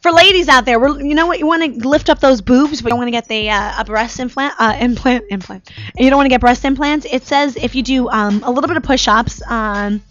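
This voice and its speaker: This woman has a high, slightly bright voice and speaks a little fast. As host of a casual talk show, she tells stories chattily, peppering them with "like" and "you know," all captured in dull lo-fi live stream audio.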